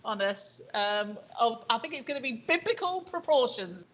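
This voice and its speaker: Bright, chatty middle-aged woman host. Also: fairly high pitch, expressive, normal speed, breathy edge, rough recording. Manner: chatty, laughing, stumbles over words. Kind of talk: casual live-stream chat. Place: home kitchen. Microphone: webcam on a video call.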